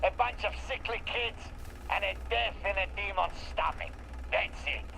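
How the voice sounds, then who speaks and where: An actor playing a volatile, menacing slaver warlord in a video game, with a vaguely European accent, ranting with profanity. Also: male voice, high-pitched, vocal fry, sharp tone, slight background noise, exaggerated voice, low-quality recording. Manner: swings between snarling threats and slow lecturing.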